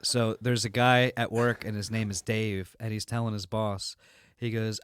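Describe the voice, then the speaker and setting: A man co-hosting a podcast, telling a long joke in an animated, playful way. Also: mid-range voice, normal speed, clean tone, no echo, studio quality. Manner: animated storyteller who acts out the characters. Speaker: podcast co-host. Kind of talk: casual chat and joke telling.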